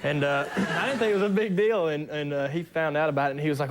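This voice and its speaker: A young man, a guest on a late-night talk show, telling stories in a relaxed, easygoing way with lots of fillers. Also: fairly high pitch, fast, hardly any pauses, background noise. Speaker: talk show guest, race car driver.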